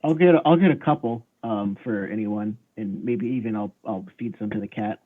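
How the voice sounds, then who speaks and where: A man's voice: fairly low pitch, moderate pace. A man playing a tabletop game, hesitant and stammering as he describes his character's actions. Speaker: player. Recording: tinny phone-like line.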